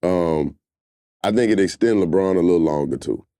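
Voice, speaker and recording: Dude riffing on a comedy show, laid-back mellow voice, dry close sound, cussing a lot. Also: male voice, low voice, moderate pace, gravelly, no echo. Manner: loose, profane, animated riffing.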